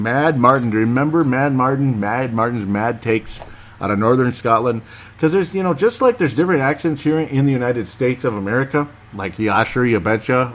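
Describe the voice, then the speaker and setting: A man's voice: medium pitch, fairly bright tone. A man hosting a casual solo podcast, rambling and chatty, laughing often and talking straight to his listeners. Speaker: podcast host.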